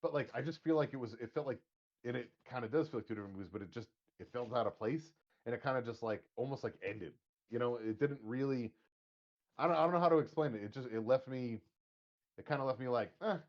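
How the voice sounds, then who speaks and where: A man's voice: mid-range voice, dull audio. A man co-hosting a podcast, rambling with many restarts in casual talk about a movie. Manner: rambling, halting, many fillers. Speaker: podcast co-host.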